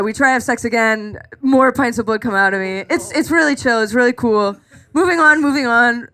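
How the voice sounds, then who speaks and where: A young woman with a high, bright voice tells a story to a live audience, animated and self-mocking, switching into voices for the people in her tale. She talks into a stage microphone. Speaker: stand-up comedian. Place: live comedy club stage.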